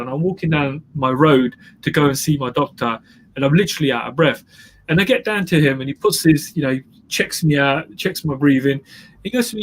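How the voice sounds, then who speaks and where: A man's voice: fairly high pitch, brisk, slight background noise. A man who is a guest entrepreneur, telling his story in an emphatic interview style and repeating phrases for effect. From England.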